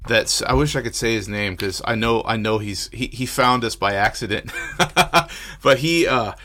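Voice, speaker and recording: A man co-hosting a podcast in casual chat, animated, swearing a lot and laughing easily. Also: fairly low pitch, normal speed, a little hiss or hum. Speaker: podcast co-host.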